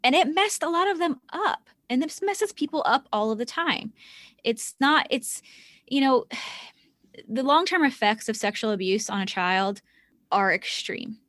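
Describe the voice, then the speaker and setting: A woman's voice: high voice, lively intonation, unhurried, a bit bright, no room sound, studio quality. A woman hosting a true-crime podcast, talking earnestly and with indignation. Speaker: podcast host. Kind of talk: conversational true-crime discussion.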